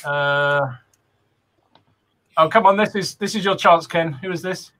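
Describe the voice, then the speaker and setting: A man's voice: on the high side, a little slow, sharp tone. A man hosting a casual livestream podcast, cheerfully greeting viewers and reading out their comments. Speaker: podcast host.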